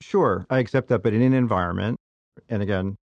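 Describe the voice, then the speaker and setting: A man's voice: lowish voice, a little fast, gravelly, dry recording, dull audio. A man co-hosting a casual talk show, probing and pushing back with questions. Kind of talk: casual debate.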